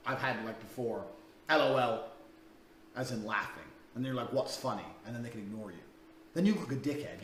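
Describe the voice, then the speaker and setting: A man's voice: mid-range voice, fairly bright tone, a little hiss or hum. A man coaching in a crude, blunt, profane way, talking through a paid dating course. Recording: echoey room, distant mic, faint ambience.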